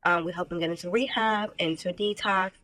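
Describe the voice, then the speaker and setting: Bright woman on a video call. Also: on the low side, steady tone, fairly quick. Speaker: nonprofit worker on a video call. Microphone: phone video call.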